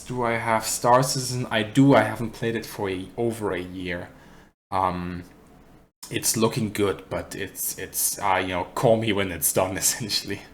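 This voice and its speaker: A man with a German accent casually answering chat questions on a live stream, rambling and correcting himself with dry humour. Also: fairly low pitch. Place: apartment.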